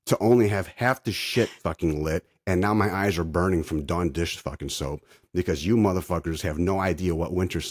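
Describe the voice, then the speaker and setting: Husky, low-voiced ranting man. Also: dry recording, studio quality. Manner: profane, ranting, sarcastic. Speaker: podcast host. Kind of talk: casual chat.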